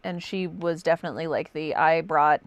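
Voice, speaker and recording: A young woman co-hosting a casual book chat, chatty and animated. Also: low-pitched, normal speed, no echo. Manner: chatty, animated, fond of quoting characters. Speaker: podcast co-host.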